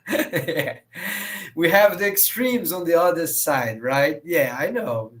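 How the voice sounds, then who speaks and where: A man from Brazil with a Brazilian Portuguese accent, giving a bilingual lecture and acting out quoted dialogue in his anecdotes. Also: high voice. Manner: switches between English and Portuguese, acts out quoted dialogue. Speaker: professor lecturing.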